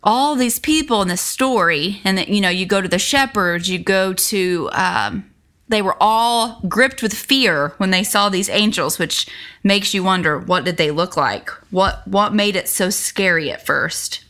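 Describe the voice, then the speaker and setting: A woman leads an informal Bible lesson, reading passages and then musing over them in a chatty, earnest way. Her voice is bright and forward, and she sits at a middling pitch for a woman. She trips and restarts often, padding her thoughts with fillers. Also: expressive, measured pace. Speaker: Bible study teacher.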